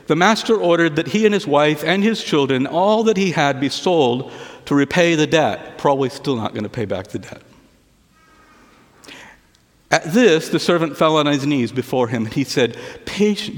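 A man preaching a sermon to a church service, retelling a parable with asides and often dropping his voice low and quiet. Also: long reverb tail. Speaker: pastor.

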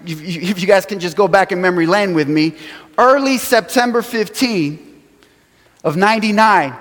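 High-pitched guy preaching, telling stories with little laughs, echoey church hall. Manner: animated storytelling with acted quotes, chuckles. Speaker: pastor. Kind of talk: sermon storytelling. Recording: long hall reverb.

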